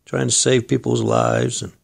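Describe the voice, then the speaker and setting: A man's voice: medium pitch, little pitch movement, normal speed, creaky. A man preaching an earnest sermon, exhorting his listeners and reading scripture aloud. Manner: earnest, exhorting, addresses listeners as friend and folks.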